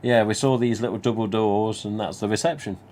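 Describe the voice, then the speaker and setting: A man's voice: fairly low pitch, steady tone, fairly quick, a little mellow, slight background noise. Chatty Nottingham man telling a story. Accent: Nottingham English. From England. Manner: chatty, rambling, many you-knows, mild swearing. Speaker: livestream host. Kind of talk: casual anecdote telling.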